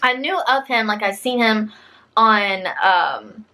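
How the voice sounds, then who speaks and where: A woman's voice: medium pitch, slow pace, bright, forceful tone. A woman in her twenties telling a casual storytime vlog, chatty, saying "like" a lot and laughing often. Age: 20s.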